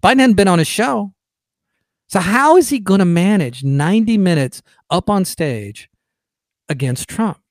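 A man's voice: high-pitched, lively intonation, measured pace, dry recording. Emphatic opinionated male podcast host. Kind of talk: political commentary podcast.

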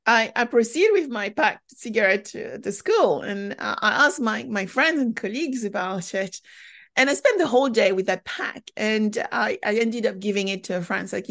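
A woman with a French accent speaks as a podcast guest, spinning her answers into lively little stories. Her voice sits at an ordinary middle pitch. She talks in a warm-blooded, animated flow, with plenty of asides. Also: moderate pace, creaky. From France. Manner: animated, chatty storyteller. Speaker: podcast guest, company founder. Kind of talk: conversational interview.

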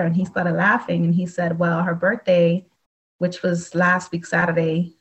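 A woman guest in an interview telling stories in a lively way, acting out the dialogue as she goes. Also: on the low side, breathy edge, low-quality recording. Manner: animated, acts out dialogue in storytelling. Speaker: guest, psychic medium. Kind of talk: conversational storytelling.

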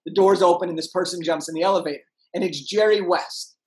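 A young man, a podcast guest, telling an energetic story and acting out the people in it. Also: high voice, fast talker, a crowd in the background, low-quality recording. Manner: animated, acts out voices in his anecdotes.

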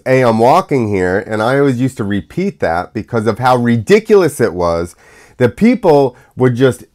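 A man's voice: medium pitch, darkish tone. Sarcastic man ranting on his show. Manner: ranting, goes off on tangents; sarcastic, mocking. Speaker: show host. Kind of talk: casual monologue.

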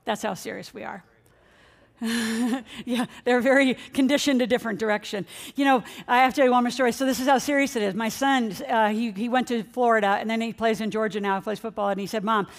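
A middle-aged woman, a financial coach, giving an energetic motivational seminar talk and speaking straight to her audience. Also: fairly high pitch, brisk. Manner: energetic, excitable, addresses the audience directly. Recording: long hall reverb.

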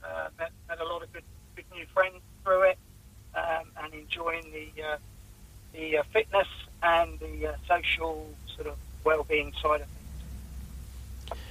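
A man's voice: on the high side, flat delivery, measured pace, pauses often, sharp tone. A man calling in to a radio show, hesitant and full of fillers, speaking over a muffled phone line. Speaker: caller. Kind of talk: phone interview.

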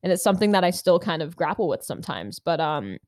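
A woman's voice: fairly low pitch, very animated, fast talker, darkish tone, no room sound, clean studio sound. A woman with an American accent hosting a casual discussion, thinking aloud and filling gaps with "like". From United States. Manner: thoughtful, many fillers. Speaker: host.

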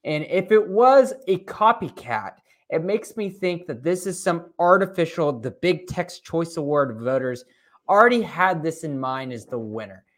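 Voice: mid-range voice, big pitch swings, normal speed. A podcast co-host in casual chat, reading a blurb aloud and then giving a blunt opinion.

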